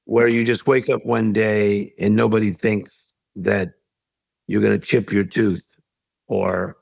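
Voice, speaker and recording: A man's voice: on the low side, little pitch movement, slow, creaky, a little mellow, no room sound. A middle-aged man, a life coach guest, telling a story in an interview and acting out the voices of the people in it. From United States.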